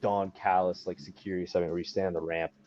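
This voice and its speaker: A young man tells his stories in a low, mellow voice, laughing often and jumping up high whenever he mimics someone else. The audio sounds muffled and lo-fi. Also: quick pace. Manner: animated, laughing often, acts out other people's lines in a high voice. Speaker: professional wrestler guest. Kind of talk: casual storytelling. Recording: dull lo-fi podcast audio.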